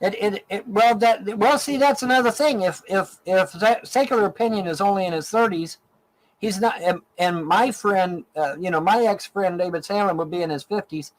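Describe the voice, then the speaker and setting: A man's voice: high-pitched, moderate pace, poor audio. A middle-aged man from Ohio ranting angrily in a profane, repetitive stream monologue. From Ohio, USA. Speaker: online show host in archived clip.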